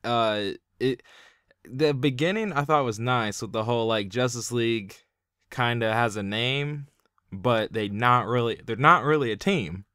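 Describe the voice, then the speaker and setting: A man's voice: mid-range voice, unhurried, a bit bright, clean tone, no echo, clean studio sound. A young man giving a casual spoken review, rambling with constant filler words. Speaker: video reviewer.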